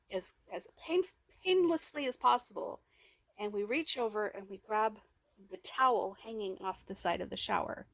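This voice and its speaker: A woman's voice: medium pitch, vocal fry, no echo. A woman telling a raw personal vlog story into a handheld phone, rambling and emotional, with many restarts, speaking of herself as "we". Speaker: vlogger.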